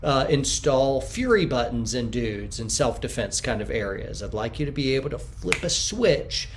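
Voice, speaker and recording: American guy in an interview, tells stories, yells the quotes he acts out. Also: mid-range voice, moderate pace, noisy background. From United States. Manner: animated storyteller, acts out quotes loudly. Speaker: podcast guest. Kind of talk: conversational interview answer.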